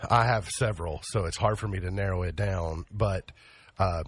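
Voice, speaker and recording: A man hosts a morning show with a husky, slightly breathy voice. He keeps the banter casual and jokes about himself. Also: sits low, moderate pace, no room sound. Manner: joking, self-mocking, laughs at his own lines. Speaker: radio morning show host.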